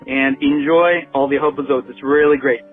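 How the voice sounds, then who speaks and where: A man's voice: medium pitch, steady tone, moderate pace, faint music behind. A man leaving an eager voicemail, urging other listeners to support the show. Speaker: caller. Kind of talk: phone voicemail. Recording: tinny phone line.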